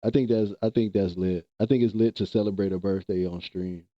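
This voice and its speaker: A man's voice: on the low side, fairly even intonation, a little fast, no room sound, dull audio. A man streaming live, chatting casually with viewers in loose slang and laughing often.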